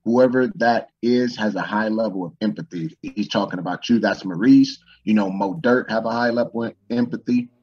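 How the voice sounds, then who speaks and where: A man's voice: on the low side, normal speed, hardly any pauses, darkish tone, distant mic. A man on a casual talk show, ranting in a profane, fired-up motivational way. He sounds a little set back from the microphone, and the recording is dull and muffled. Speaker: podcast host. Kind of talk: casual chat.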